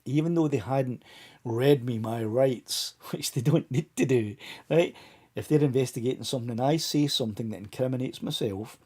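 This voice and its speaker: Husky-voiced man hosting a live chat. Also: medium pitch, moderate pace, dark tone. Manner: chatty, talks straight to viewers by name. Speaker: live stream host. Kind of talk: casual live stream chat.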